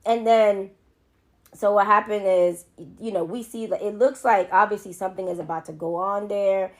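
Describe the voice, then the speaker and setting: A woman's voice: mid-range voice, fairly even intonation, normal speed. A woman co-hosting a casual podcast, recapping a film to listeners with playful asides and backchannel agreement. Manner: chatty, addresses listeners as y'all, playful asides. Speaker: podcast co-host. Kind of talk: casual movie recap chat.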